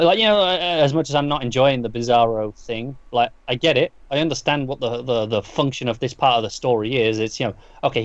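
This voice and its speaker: A man's voice: medium pitch, no room sound. Man recapping comics in dull lo-fi sound. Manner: rambling recap with frequent restarts and fillers. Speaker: podcast co-host. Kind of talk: casual comic book review chat.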